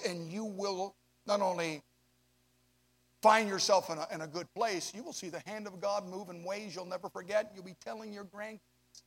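A man preaching a sermon to young adults, swinging from hushed asides to loud, drawn-out emphasis. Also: sits high, fairly even intonation. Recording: long hall reverb.

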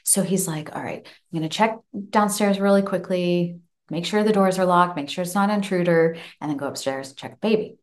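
Woman host, 30s, lower pitch, casual animated storyteller. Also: a little fast. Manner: animated, acts out the child's voice with laughs. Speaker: podcast host. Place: home office room.

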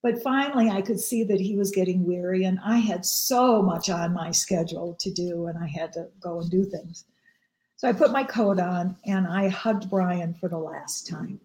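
A woman's voice: lowish voice, normal speed, darkish tone. A woman minister and show host telling a personal story in a tender, earnest way. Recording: roomy echo.

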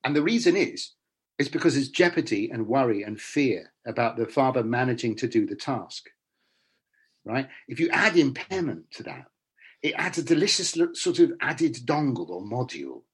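Husky middle-aged guy, actor chatting in an interview, blunt, voice bouncing all over. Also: medium pitch, moderate pace. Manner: animated, blunt storyteller with frequent restarts. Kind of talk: casual interview chat.

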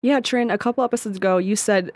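A woman co-hosting a casual advice podcast, playful and quick to laugh. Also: mid-range voice, a little mellow, no room sound, clean studio sound. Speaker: podcast co-host.

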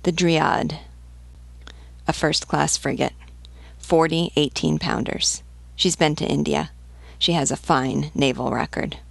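A woman's voice: sits low, fairly even intonation, slow pace, gravelly, dry recording, full character voice. A woman voicing a knowledgeable male ship's pilot who lists facts plainly. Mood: factual.

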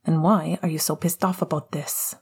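Clipped, icy teen boy wizard, low and hushed, breathy, voiced by a woman. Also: steady tone, moderate pace, exaggerated voice. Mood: cold angry. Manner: cold, clipped, hissing. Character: bitter teenage boy wizard, cold and cutting. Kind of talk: audiobook reading of fan fiction.

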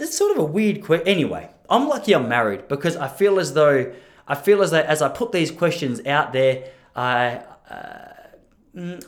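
Animated, chatty man in his thirties. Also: on the high side. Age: 30s. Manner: chatty, self-mocking, laughs at own jokes. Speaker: podcast host. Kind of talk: casual rambling monologue.

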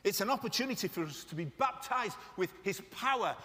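A man delivers a sermon with passion, breaking off for joking asides to his congregation. His voice sits high and sounds bright and forceful. It carries the long echo of a large hall. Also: animated, a little fast. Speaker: preacher. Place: church meeting room. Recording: echoey hall.

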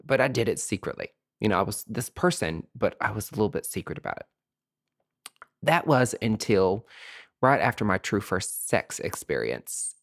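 A man's voice: fairly low pitch, big pitch swings, normal speed, fairly bright tone. A man hosting a podcast, telling a personal story in a campy, chatty and profane way. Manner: campy, chatty, profane, calls listeners sweetie. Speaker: podcast host. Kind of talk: casual storytelling monologue.

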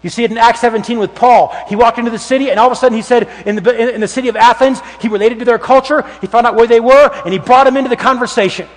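A man preaching a sermon as pastor, animated and acting out the voices of the people in his stories. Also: very high voice, very fast, few pauses. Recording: long hall reverb.

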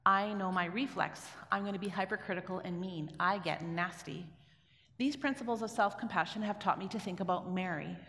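A woman's voice: on the low side, brisk. Middle-aged Canadian woman, chatty storyteller speaking to an audience, long reverb of a hall. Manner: warm, conversational, asks the audience questions. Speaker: speaker giving a talk.

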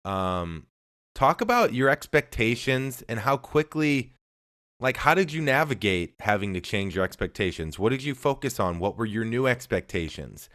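A man's voice: medium pitch, sing-song, normal speed, a bit bright, dry recording, studio quality. A man hosting a podcast, asking earnest, reflective interview questions. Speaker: podcast host.

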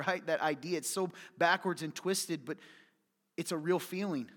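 A man preaching a sermon as pastor, passionate, dropping to hushed near-whispers and then rising to loud, urgent appeals. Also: on the high side, moderate pace. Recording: reverberant hall.

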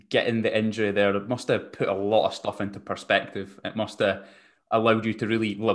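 Low-voiced male podcast host. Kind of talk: casual interview.

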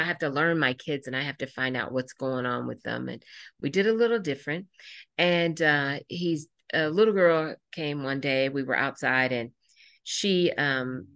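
A middle-aged woman, a podcast guest, telling lively, rambling stories in casual talk with many fillers. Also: sits low.

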